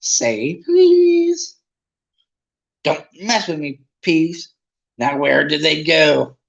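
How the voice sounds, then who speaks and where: Squeaky cackling poltergeist, sing-song and gleeful, muffled audio. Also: male voice, expressive, extremely slow, creaky, heavily acted. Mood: mocking. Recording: dull lo-fi recording.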